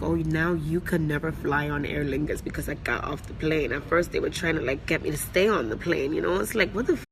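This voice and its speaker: An upset woman venting in an agitated, profane rant at an airport, her talk full of fillers as she tries to calm down. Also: fairly low pitch, background noise. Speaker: vlogger venting after a flight. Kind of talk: angry phone vlog rant.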